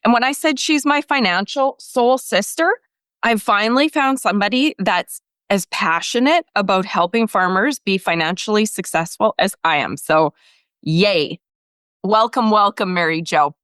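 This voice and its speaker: A woman hosting an interview show, bubbly and passionate, with a loud, excited way of talking. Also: medium pitch, moderate pace, clean tone, no echo, studio quality. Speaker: podcast host.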